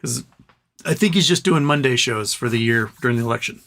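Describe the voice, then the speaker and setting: A man hosting a live stream, rambling in a relaxed way and reading out viewer comments. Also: mid-range voice, a little fast. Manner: rambling, laid-back, reads chat comments aloud. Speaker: livestream host. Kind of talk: casual livestream chat.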